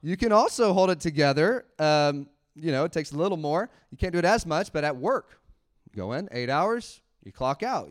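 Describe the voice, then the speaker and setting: A man preaching a sermon in church, animated, laughing often and acting out little quotes. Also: fairly high pitch, normal speed. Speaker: pastor.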